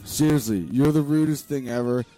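A man on a radio show reads out his text messages in a warm, dark-toned voice, teasing and swearing as he goes. Faint music plays behind him. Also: mid-range voice, normal speed. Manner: teasing, mocking, swears freely, laughs often. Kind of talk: crude casual banter, reading text messages aloud.

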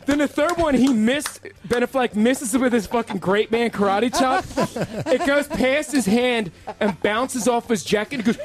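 High voiced dude telling a crude story to his buddies, swearing, laughing. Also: moderate pace, a crowd in the background. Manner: profane, animated, laughing storyteller. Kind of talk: casual storytelling among friends.

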